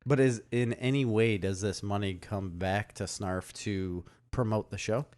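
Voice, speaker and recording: A man co-hosting a podcast in casual chat. He is playful, laughs often and chimes in with quick remarks. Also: fairly low pitch, steady tone, darkish tone. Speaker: podcast co-host.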